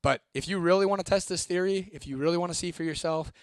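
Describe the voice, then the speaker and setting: Talking fast, a young man hosting for his viewers races through a scary story, swearing openly and staying animated as he reads a viewer comment aloud. His voice is a bit high for a man, and the sound is close and dry without echo.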